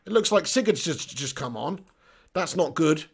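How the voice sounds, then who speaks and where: Excitable lively-voiced man streaming football. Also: on the high side, moderate pace, creaky, husky. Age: 30s. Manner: excitable, swears, banters with chat. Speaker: football watch-along host. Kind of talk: live-streamed match reaction.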